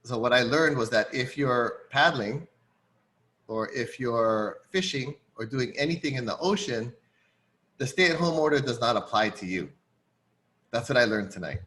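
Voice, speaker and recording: A man's voice: mid-range voice, normal speed. A middle-aged man from Hawaii, hosting a casual chat and telling a story with lots of fillers and acted-out quotes. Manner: animated storyteller, many fillers, acts out quotes. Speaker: host.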